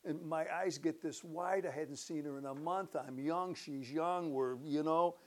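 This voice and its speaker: An older man who is a pastor, speaking to his church in a relaxed, conversational way and warming into animated storytelling as he gives his testimony. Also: a little high, unhurried. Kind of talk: church announcement and personal testimony.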